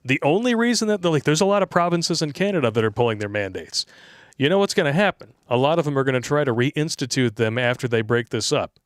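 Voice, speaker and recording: A man's voice: mid-range voice, animated, fast talker, dry recording, clean studio sound. Blunt sarcastic male podcast co-host. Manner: blunt, sarcastic, laughs a lot. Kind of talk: casual political chat.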